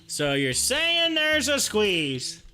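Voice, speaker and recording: A man hosting a live stock-market stream, chatting excitably with his viewers and reading their comments aloud. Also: high-pitched, drawn-out words, faint music behind.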